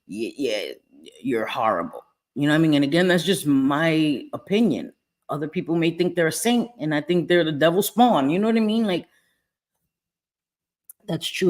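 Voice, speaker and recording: A woman's voice: sits low, a little mellow. Emphatic woman hosting a casual live stream. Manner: emphatic, repeats herself, candid, swears freely. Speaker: livestream host reading chat.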